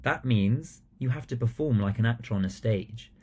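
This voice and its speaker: A man giving a recorded training talk to teachers, animated and acting out the phrases he would use in class. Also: mid-range voice, moderate pace, breathy edge. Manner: animated, acts out classroom phrases with changing emphasis.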